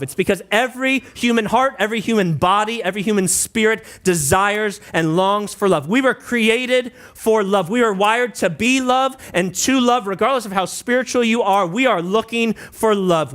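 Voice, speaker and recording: A male pastor delivers a sermon in a high, light voice. He talks casually and conversationally, throwing in asides and prompts to the congregation. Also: normal speed, few pauses, fairly bright tone. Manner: breaks into singing and playful mock voices.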